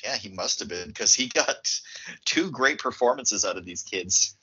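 A man co-hosting a casual film podcast, playful and quick to laugh. His voice is bright and sharp, and his pitch swings a lot as he talks. The sound is a bit dull and lo-fi. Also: expressive, breathy edge. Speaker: podcast co-host.

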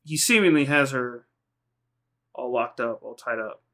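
A man's voice: medium pitch, a little slow, fairly bright tone. A man co-hosting a podcast, casually recapping anime episodes in a rambling, profane way, acting out lines in quoted voices. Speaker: podcast co-host.

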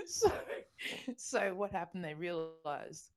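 Speaking at a normal pace in a voice that sits low, an Australian woman co-hosts a podcast. Her casual chat is storytelling, chatty and full of laughter and restarts.

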